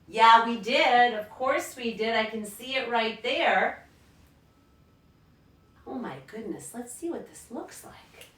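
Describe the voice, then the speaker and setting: A woman teacher records a math lesson for children learning at home. Her voice is bright and slightly high, and she coaxes the kids along in an upbeat, encouraging way. She sounds a little distant from the mic, in an echoey room.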